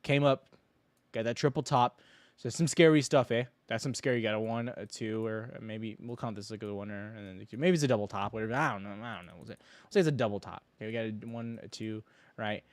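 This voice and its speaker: A young man hosting a casual stock trading livestream, rambling and joking in slang, with sudden loud mocking bursts. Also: on the low side, quick pace, dry recording.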